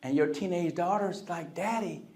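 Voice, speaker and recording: Lively man giving a keynote. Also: fairly high pitch, a little slow. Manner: energetic, call-and-response with the crowd; acts out quoted voices. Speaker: motivational speaker. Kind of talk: live keynote speech to an audience. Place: convention center hall.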